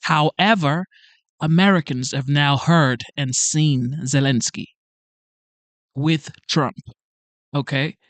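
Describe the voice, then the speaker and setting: A man reacts to a clip in a loose, excitable commentary style, breaking into exclamations as he talks. His voice sits a little high. The sound is dry and close to the mic. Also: slow pace, pauses often, dry recording.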